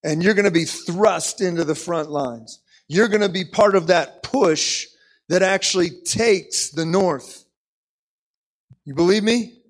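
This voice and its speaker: A man's voice: high-pitched, unhurried, low-quality recording. An American man preaching an impassioned sermon, repeating phrases and leading the congregation in call-and-response.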